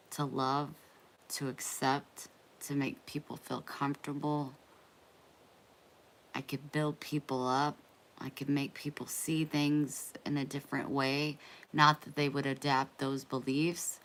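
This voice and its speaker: A woman hosting a casual live stream, chatty and playful, easily excited. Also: extremely low pitch, a little hiss or hum.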